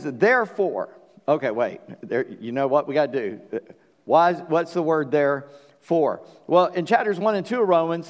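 A man preaching a sermon as pastor, earnest, swinging between loud emphasis and hushed passages. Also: fairly high pitch. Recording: long reverb of a church hall.

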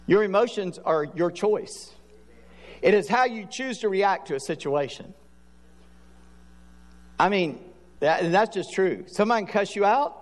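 Man preaching in a reverberant hall. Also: high voice. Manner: conversational preaching with quick asides. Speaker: pastor. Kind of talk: sermon.

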